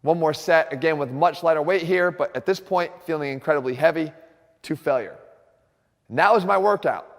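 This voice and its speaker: Fitness host, earnest man, slightly high voice, reverberant space. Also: a little fast. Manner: earnest, direct, addresses viewers. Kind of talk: instructional fitness talk.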